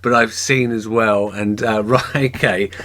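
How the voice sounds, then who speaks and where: A man's voice: fairly low pitch, steady tone, measured pace, fairly bright tone. A man hosting a podcast interview, chatting casually and telling rambling stories with many restarts. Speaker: podcast host.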